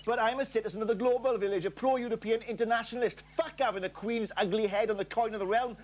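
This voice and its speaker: A man's voice: high-pitched, fairly even intonation, fast, poor audio. A man presenting comedy reviews in a crude, sardonic, mock-pompous rant. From Wales. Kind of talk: comic rant.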